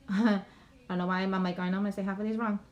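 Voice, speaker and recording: Speaking quickly in a level tone, a woman hosts a relaxed YouTube livestream at home and reads out a list of names, apologizing repeatedly for mispronouncing them. Her voice is medium-pitched and the sound is lo-fi.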